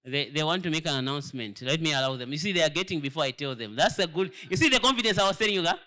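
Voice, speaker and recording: Man, church elder, sermon-style lesson, fairly high voice, emphatic rhetorical questions, stumbling repeats. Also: expressive, very fast, pushed and bright. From Zambia. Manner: emphatic, rhetorical questions to the audience, repeats words while searching.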